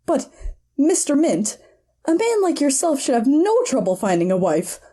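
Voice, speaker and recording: A woman's voice: sits high, very animated, normal speed, dark tone. A woman voicing a flustered, evasive woman in an amateur radio-style drama. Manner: hesitant, evasive. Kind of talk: amateur voice acting.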